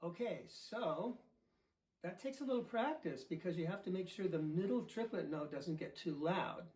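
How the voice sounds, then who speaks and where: A man in his fifties, a drum teacher explaining and counting off exercises step by step in a relaxed way in his studio. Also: sits high, normal speed. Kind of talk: instructional demonstration. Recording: echoey room.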